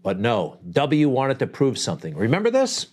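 Lively, blunt male talk host. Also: mid-range voice, normal speed, breathy edge. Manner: blunt, conversational, rhetorical asides. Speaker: political commentary host. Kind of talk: opinionated talk show monologue.

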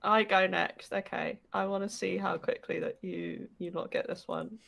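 A woman's voice: medium pitch, fairly even intonation, normal speed, gravelly, a bit bright. A woman co-hosting a livestream, chatting casually and reading out a silly mock book blurb while laughing mid-sentence. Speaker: livestream co-host.

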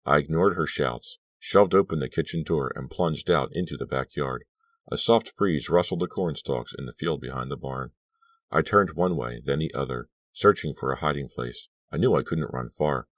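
A man reading an audiobook aloud as first-person narration, steady and measured. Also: very deep voice, no room sound. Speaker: audiobook reader.

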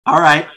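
A man's voice: on the high side, bright, forceful tone, poor audio. A man in his thirties telling candid, rambling stories as a podcast guest, with casual swearing and self-corrections. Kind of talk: casual storytelling chat.

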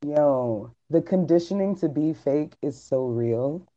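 Podcast host, woman in her 30s, candid and profane, warm dark tone, slightly dull sound. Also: sits low, lively intonation, slow. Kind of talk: casual chat.

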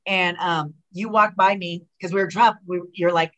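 A middle-aged woman, a retired wrestler, chatting as a guest in an interview and telling animated stories with lots of fillers and acted-out quotes. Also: lowish voice, moderate pace, hardly any pauses, muffled recording. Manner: animated storyteller who acts out quoted dialogue, many fillers and restarts. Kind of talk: casual interview chat.

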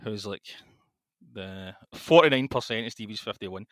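A man's voice: on the low side, normal speed, no room sound. A man with a Scottish accent co-hosting a football podcast, talking in a dry, wry, understated way. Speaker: podcast co-host. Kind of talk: casual podcast chat.

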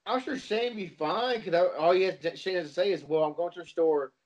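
Rambling man on a dull lo-fi mic. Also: sits high. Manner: rambling, halting. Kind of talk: casual group chat.

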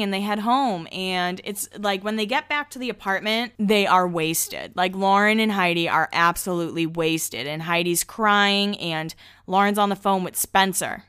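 A young woman talks through a reality show in a loose, gossipy way, acting out what people said and laughing often. Her voice is bright and smooth. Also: mid-range voice. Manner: chatty, laughs often, acts out quotes. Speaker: podcast host. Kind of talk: casual chat recapping a reality show.

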